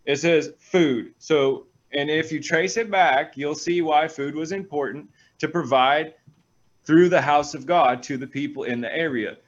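A man, a pastor, reading scripture aloud and breaking off into energetic, animated stories with quick asides. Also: fairly high pitch, muffled recording. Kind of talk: reading scripture and preaching in a talk show.

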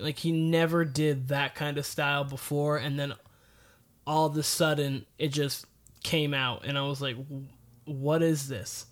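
A man co-hosting a podcast, chatting casually with relaxed restarts and fillers. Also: fairly high pitch. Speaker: podcast co-host. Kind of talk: casual chat.

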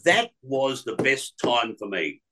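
Bright-toned man spinning yarns. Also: mid-range voice, very animated, slow, rough recording. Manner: rambling, many restarts and fillers. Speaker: radio presenter guest. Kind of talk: casual storytelling interview.

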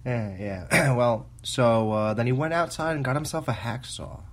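A man's voice: medium pitch, normal speed, voice pushed down, natural voice. A man putting on a Boston accent to play an old male gravekeeper who tells a grim tale, drawling and chuckling creepily. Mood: creepy storytelling.

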